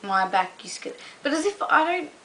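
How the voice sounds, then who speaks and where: A woman's voice: high-pitched, very animated, normal speed, fairly bright tone, slight background noise, low-quality recording. A young Australian woman vlogging casually to camera, rambling with lots of "um" and "like". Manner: rambling, full of "um" and "like".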